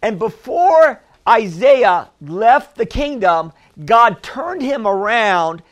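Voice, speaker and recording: Preaching slowly in a high, sing-song voice, a male pastor leads his congregation in call-and-response. He asks them for amens and repeats phrases for emphasis.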